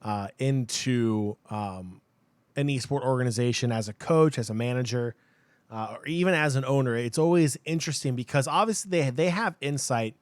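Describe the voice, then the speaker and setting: A man's voice: medium pitch, moderate pace, no echo. A man co-hosting a live-streamed gaming podcast, talking casually and hyping the show with cheers. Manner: upbeat, hypes the show with cheers. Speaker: podcast co-host.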